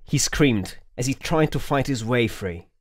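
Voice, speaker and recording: A man's voice: medium pitch, lively intonation, unhurried, no room sound, studio quality. A man narrating an audiobook, reading tense, dramatic scenes.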